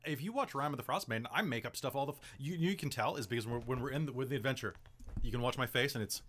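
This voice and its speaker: A man's voice: mid-range voice, very fast, a bit bright, a little hiss or hum. A man hosting a casual podcast, giving game-master advice in a chatty, rambling way full of "like" and "um". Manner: chatty, rambling, heavy use of "like" and "um".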